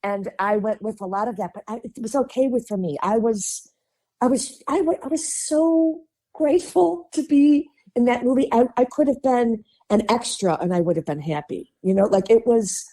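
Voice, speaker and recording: Warm-voiced Midwestern actress telling stories. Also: female voice, a little high, moderate pace. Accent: Midwestern American. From Chicago, US. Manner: chatty and animated, laughs often, acts out quoted voices. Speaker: podcast guest, actress. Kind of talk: casual interview storytelling.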